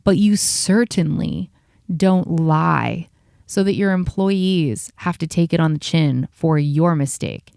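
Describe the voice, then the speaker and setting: A woman hosting a podcast, venting in a heated, profane, rapid-fire rant, tired after a long work day. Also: on the low side, vocal fry, a little mellow, dry recording, studio quality. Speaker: podcast host.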